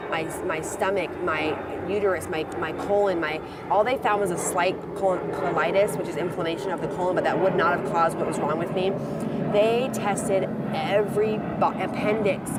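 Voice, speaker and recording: Low-voiced woman rambling through a story. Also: heavy background noise. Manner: rambling storytelling with many "like" and "I'm like" quotes. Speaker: reality show contestant. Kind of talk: casual private conversation.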